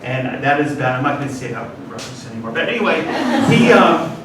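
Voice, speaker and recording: A man's voice: medium pitch, big pitch swings, quick pace. A middle-aged man telling a personal comic story to a live audience, rambling into self-deprecating asides. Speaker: comedian. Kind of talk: stand-up storytelling monologue. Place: class stage before a live audience. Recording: roomy, distant mic, noisy ambience.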